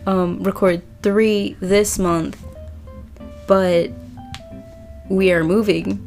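A woman's voice: mid-range voice, fairly even intonation, very slow, gravelly, a little mellow, soft background music. A young woman chatting casually, self-mocking and swearing, before reading a story aloud. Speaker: story reader. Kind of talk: casual chat.

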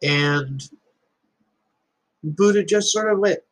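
A man's voice: a little high, animated, measured pace, pauses often, fairly bright tone, husky, poor audio. A man giving an earnest, reflective motivational talk and telling stories to make his point. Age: adult with children. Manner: storytelling, earnest, uses parables. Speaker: speaker giving life advice.

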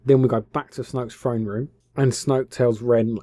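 A man's voice: mid-range voice, steady tone, unhurried, hardly any pauses, dark tone, dry recording. A man casually retelling a film plot, offhand, slangy and full of swearing. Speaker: film recapper. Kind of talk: casual comic film recap.

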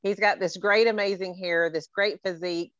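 A woman's voice: fairly low pitch, steady tone, moderate pace, fairly bright tone, no room sound, highs cut off. A middle-aged woman hosting a podcast in casual chat, playful and teasing, laughing often. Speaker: podcast host.

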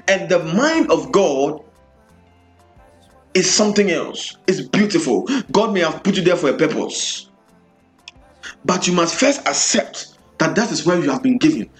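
A man's voice: on the high side, animated, moderate pace, faint music behind. A man preaching a sermon, building repeated refrains with rhythmic emphasis.

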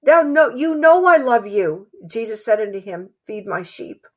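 A woman preaching a sermon in an earnest, halting way, repeating phrases for emphasis. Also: on the high side, lively intonation.

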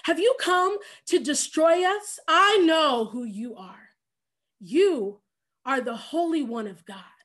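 A woman's voice: high-pitched, lively intonation, slow pace, fairly bright tone, exaggerated voice. A woman voicing an alarmed evil spirit. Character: screaming male evil spirit.

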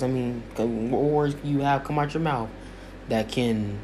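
Man, mid-pitched, emphatic commentary with repeated phrases, faint hiss behind. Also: steady tone, measured pace, a little mellow. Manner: repetitive, emphatic, preacher-like cadence. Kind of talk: impassioned spoken commentary.

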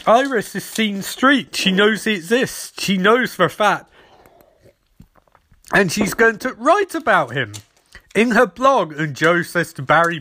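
A man's voice: high voice, expressive, normal speed, bright, forceful tone. A man casually recapping a TV episode as a podcast host, rambling and acting out quoted lines.

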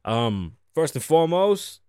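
A man in his thirties from Puerto Rico hosts a laid-back podcast, swearing freely and mixing in Spanish asides as he chats. He has a fairly high, sing-song voice with a darkish, smooth tone and a measured pace. The studio-quality recording has no room sound.

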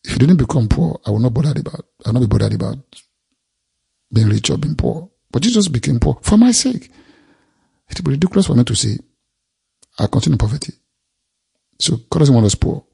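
Male preacher, raspy and gravelly, emphatic sermon delivery with repeated phrases. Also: mid-range voice, very animated, fairly quick, long pauses, dark tone. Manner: reads scripture aloud and expounds it.

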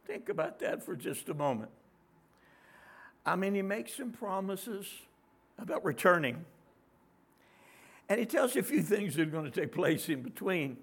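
High-pitched raspy middle-aged male preacher. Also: very animated, normal speed, long pauses. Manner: conversational preaching, questions to the congregation. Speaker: pastor. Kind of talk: sermon.

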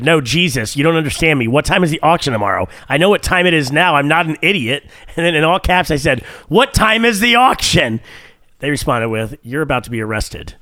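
A man's voice: medium pitch, a bit bright, dry recording. A man co-hosting a podcast, telling a story in casual banter and laughing often as he reads out text messages. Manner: laughs often while reading out texts. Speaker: podcast co-host.

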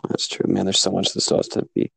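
A man in a casual chat, relaxed and speculative, swearing now and then. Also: quick pace, dry recording, poor audio.

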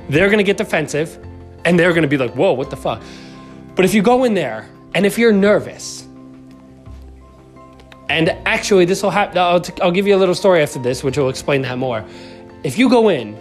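A man coaching on communication in a lively, animated voice that swings up and down. He pitches a little high and often checks in with the listener. Soft music plays underneath. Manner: animated, acts out quoted voices, says "right?" often. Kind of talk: motivational self-help talk.

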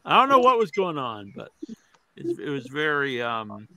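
Guy with a high bright voice, rambling casual podcast chat, laughs a lot. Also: huge pitch swings, normal speed, dry recording, low-quality recording. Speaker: podcast co-host.

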